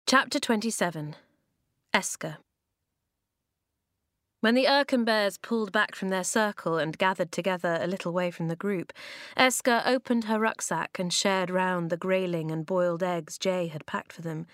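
A woman with a fairly low voice reads a children's storybook aloud. Her telling is measured and she slows down for emphasis. The recording is close and dry. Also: fairly bright tone, dry recording. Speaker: audiobook narrator. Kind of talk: storybook narration.

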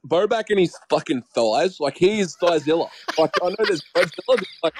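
A man co-hosting a podcast in casual chat, excitable and swearing, often calling his co-host by name. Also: high-pitched, brisk, background noise.

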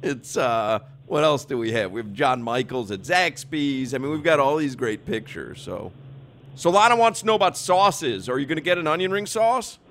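A male radio host with an animated, swooping delivery that rises and falls as he jokes around. He teases his caller and keeps breaking into laughter, a soft hiss of background noise beneath him. His voice sits at an ordinary middle pitch. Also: normal speed. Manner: teasing, laughs often while talking. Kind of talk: casual on-air banter.

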